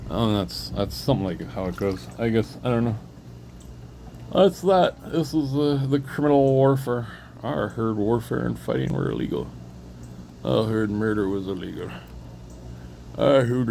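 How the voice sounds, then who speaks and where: A man talking alone in a meandering monologue, drifting between thoughts and breaking in with sudden loud interjections. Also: mid-range voice, expressive, a little slow, gravelly, long pauses, slight background noise. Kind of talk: rambling solo monologue.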